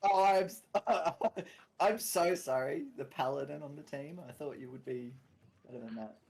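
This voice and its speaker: A man with an Australian accent playing his character at a tabletop game, giggling and swearing in quick asides. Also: a little high, gravelly, darkish tone, slight background noise. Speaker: player. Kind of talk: casual tabletop role-play.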